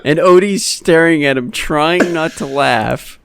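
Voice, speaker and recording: A man's voice: fairly high pitch, measured pace, vocal fry, a little hiss or hum. A man co-hosting a let's play in casual banter, giggling as he describes comic panels in detail.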